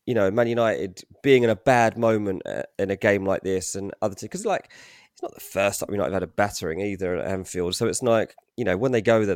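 A man co-hosting a football podcast as transfer pundit, analytical and hesitant, with many pauses and restarts. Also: lowish voice, a little mellow, dry recording, clean studio sound. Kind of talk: casual football podcast chat.

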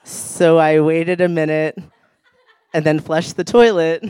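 A man's voice: fairly high pitch, steady tone, slow pace, a little mellow, clear, resonant tone, no room sound. A man telling a humorous personal story on stage, laughing often and acting out the people he quotes. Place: live stage show.

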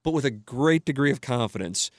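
Middle-aged male podcast host, medium pitch, dry close sound, blunt and emphatic with frequent swearing. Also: expressive, fairly quick, dry recording. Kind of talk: casual opinionated podcast talk.

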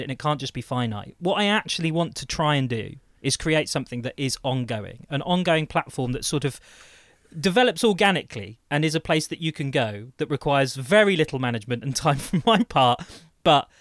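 A man co-hosting a podcast, pitching an idea eagerly in casual chat with many restarts. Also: expressive, brisk, fairly bright tone, dry recording, clean studio sound. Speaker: podcast co-host.

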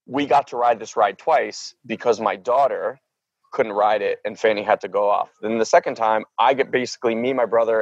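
Animated guy in his 30s telling a story, "like" every other word, dull dry mic. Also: mid-range voice, dry recording. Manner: animated, acts out quoted voices; filler-heavy, says "like" a lot. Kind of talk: casual storytelling.

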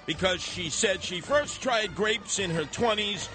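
An older man hosting a talk radio show, animated and sarcastic, slipping into voices to mock people. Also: high-pitched, a little slow, music in the background. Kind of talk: opinionated talk radio monologue.

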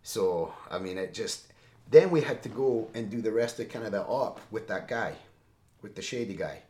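Guest storyteller: deep male voice, emphatic and animated, in a roomy echoey space. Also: normal speed. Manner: animated, emphatic, tags lines with "right?". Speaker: interview guest. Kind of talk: casual storytelling. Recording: roomy echo.

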